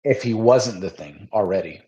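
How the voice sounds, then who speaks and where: A man co-hosting a casual podcast who thinks aloud hesitantly and often trails off softly. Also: lowish voice, moderate pace, poor audio. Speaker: podcast co-host.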